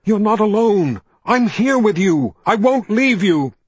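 A man voicing a desperate young man who tries to reach a frightened friend, pleading with urgency and steady reassurance in an audiobook reading. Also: fairly high pitch, takes it slowly, husky, dry recording, exaggerated voice. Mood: frantic. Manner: urgent shouting, then calm and reassuring.

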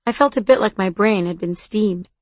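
A woman narrates a first-person novel in a soft, understated way. Her voice sits at a middle pitch, and the recording is dry and close with no room around it. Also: moderate pace, dry recording. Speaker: audiobook narrator.

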